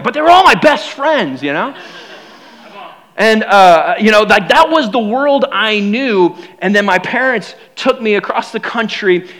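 A young man preaching a sermon, casual and animated, acting out quotes as he tells stories. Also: sits high. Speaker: pastor.

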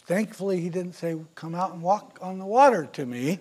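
A male pastor preaching a sermon, retelling scripture stories with big swings from loud to soft. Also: sits high, moderate pace. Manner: storytelling, dramatic swings in loudness.

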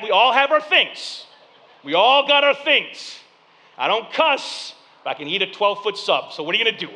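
A man in his thirties preaching a sermon, telling personal stories with lively swings between loud punchlines and hushed reflection. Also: high voice, long reverb tail, rough recording. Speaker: pastor.

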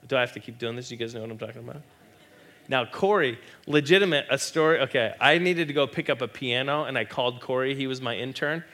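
A middle-aged male pastor preaching a sermon in a church, animated and joking, acting out little quoted voices. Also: medium pitch, brisk.

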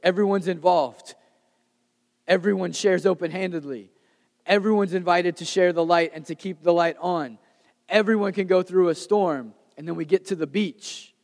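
Guy preaching, kinda high voice, chatty then loud then quiet, big reverby church hall. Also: normal speed, vocal fry. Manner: conversational, swings between loud emphasis and soft hushed lines. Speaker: pastor. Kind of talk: sermon.

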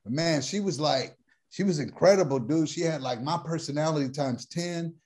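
A man's voice: a little high, moderate pace, darkish tone. A man telling a long personal story in casual slang, laughing at his own punchlines as he goes. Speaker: guest comedian telling a life story.

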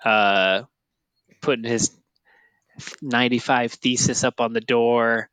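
A man's voice: mid-range voice, fairly even intonation, slow, a bit bright, smooth, no room sound. Man co-host, dry wit, teasing asides, dry close-miked sound. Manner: dry teasing quips, plays along. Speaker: trivia show co-host. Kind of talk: casual trivia banter.

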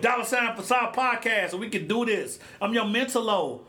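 A brisk, high, bright male voice rants with few pauses through a solo podcast episode, blunt and animated, with a little hiss or hum in the audio. The host's loose, slangy talk into his podcast mic feels like a relaxed chat.

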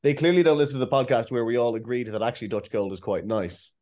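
A man's voice: mid-range voice, fast, a little mellow. A man in casual podcast chat, making dry, wry remarks. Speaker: podcast co-host.

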